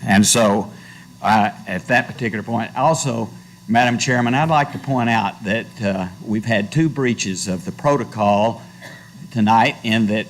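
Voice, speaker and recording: A man's voice: mid-range voice, moderate pace, low-quality recording. An older man making a pointed, indignant public comment at a school board meeting.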